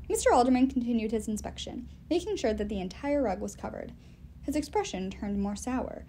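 A woman reading a novel aloud in an expressive, animated storytelling way. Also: a little high, brisk, slight background noise. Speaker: reader.

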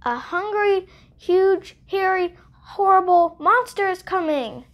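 A woman's voice: sits high, very animated, measured pace, lo-fi sound, voice pushed up, heavily acted. A woman voicing a nosy male fox who scares easily, in a read-aloud storybook. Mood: startled.

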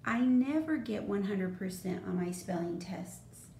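A woman's voice: mid-range voice, lively intonation, measured pace, gravelly, dark tone. A woman voicing a young boy in a storybook, a sulky twin brother who mumbles. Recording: roomy echo, faint noise.

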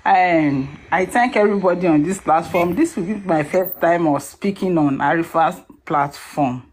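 A woman's voice: fairly low pitch, normal speed, a little mellow, a little hiss or hum. A Nigerian woman calling in to an online talk space, emotional, who breaks into singing a song. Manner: emotional, sings a song in Yoruba. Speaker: caller. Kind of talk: emotional call-in speech with singing.

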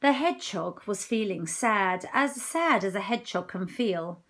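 A woman's voice: mid-range voice, expressive, a little slow, a little hiss or hum. A woman teacher reading a picture book aloud at home, chatting and asking the children questions. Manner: warm, chatty asides with questions to listeners.

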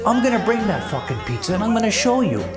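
A man's voice: sits high, sing-song, fast talker, roomy sound, music in the background. A man doing an arrogant cursing rich dad. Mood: annoyed. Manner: boastful, profane ranting. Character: arrogant foul-mouthed rich dad, middle-aged man. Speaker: prankster.

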